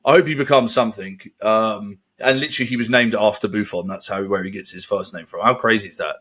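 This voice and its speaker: A man's voice: fairly low pitch, fast, fairly bright tone, husky. A man co-hosting a casual podcast chat, swearing freely, laughing often and slipping into mock voices. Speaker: podcast co-host.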